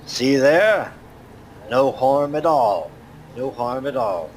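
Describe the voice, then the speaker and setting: A man voicing an excitable male dwarf who shouts and calls out boastfully. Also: medium pitch, takes it slowly, a little hiss or hum, pitched above the performer's own voice. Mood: boisterous. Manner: shouting, calling across a distance.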